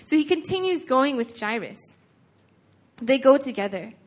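Woman preacher, slightly high voice, casual and earnest, chatty sermon delivery. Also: lively intonation, a little slow. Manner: conversational, earnest, retelling scripture with frequent "like".

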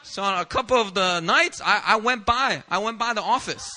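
A male pastor from Philadelphia preaching a sermon in an animated, self-deprecating way, often laughing. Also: high-pitched, moderate pace, a faint crowd.

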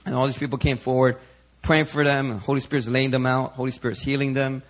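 A man with a medium-pitched voice preaches quickly, sharing a chatty testimony. He tells it in an animated, storytelling manner full of filler words.

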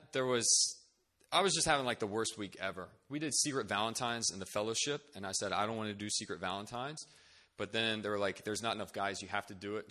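A young man telling a personal story, acting out the people he quotes and laughing as he goes. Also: mid-range voice. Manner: animated, acts out quoted voices, laughs often. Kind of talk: personal anecdote.

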